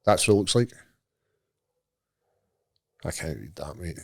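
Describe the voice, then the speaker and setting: A man's voice: deep voice, lively intonation, a little slow, vocal fry. A Scottish man co-hosting a podcast in casual chat, asking leading questions and swearing bluntly. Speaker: podcast co-host.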